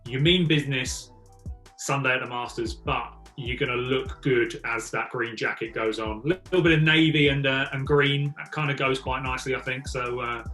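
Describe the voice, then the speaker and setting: A man from England chatting as a guest about golf shoes, relaxed and enthusiastic. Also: mid-range voice, moderate pace, faint music behind. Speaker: guest golf fashion reviewer. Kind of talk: casual chat. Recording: echoey room.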